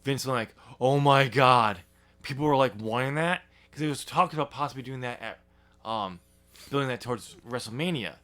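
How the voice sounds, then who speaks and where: A man's voice: mid-range voice, brisk, fairly bright tone. A man co-hosting a casual wrestling podcast, teasing his partner and rambling with plenty of fillers. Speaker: podcast co-host.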